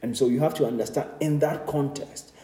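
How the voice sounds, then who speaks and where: A man's voice: mid-range voice, fairly quick, mellow. Man teaching a Bible study in a roomy hall. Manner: earnest teaching with repeated amens and light laughs. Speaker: pastor.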